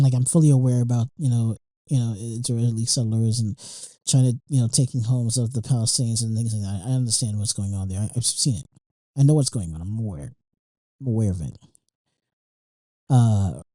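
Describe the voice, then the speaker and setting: A young man hosts his podcast as a casual monologue, emotional and rambling, with frequent restarts, fillers and profanity. He has a dark, mid-range voice; there's no echo, but the audio quality is poor.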